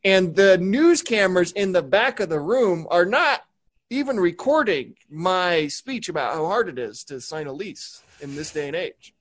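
A man's voice: sits high, lively intonation, moderate pace, fairly bright tone. Rambling self-mocking male co-host. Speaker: podcast co-host. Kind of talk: casual chat.

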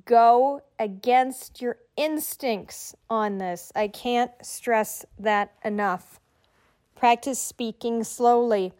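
A woman's voice: on the high side, slow pace, darkish tone. A middle-aged woman hosting a podcast, giving writers friendly, conversational tips. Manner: encouraging, conversational, tells listeners what to do. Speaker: podcast host and writing coach. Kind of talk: instructional podcast talk.

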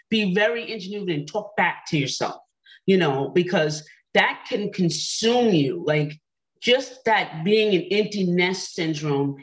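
A middle-aged woman hosting an online panel, telling a personal story in an animated way and quoting her own thoughts aloud. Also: lowish voice, poor audio. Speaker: panel host.

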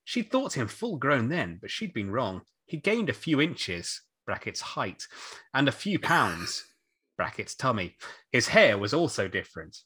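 This is a man reading a novel aloud to his co-hosts, with a lively, swooping delivery. His voice is bright and the sound is close and dry. He reads in a playful way. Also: medium pitch, a little slow, breathy edge, dry recording. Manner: playful, breaks into laughter, puts on character voices. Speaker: podcast host reading a book aloud. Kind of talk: comedic read-aloud with commentary.

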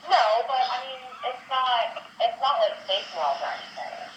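A woman's voice: fairly high pitch, expressive, a little slow, echoey room, a little hiss or hum. A woman talking with her young child on a casual phone call, patient and reassuring.

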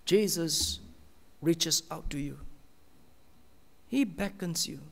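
A man preaching a sermon as a pastor, slow and earnest, with many pauses and often dropping to a soft, hushed tone. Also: on the high side, gravelly, big-room sound.

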